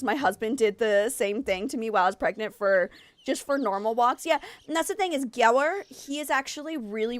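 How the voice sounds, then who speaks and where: A woman's voice: a little high, no room sound. A woman streaming a game, chatting in a rambling way that jumps between topics, a little out of breath. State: slightly out of breath. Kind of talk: casual chat while streaming a game. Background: faint game music.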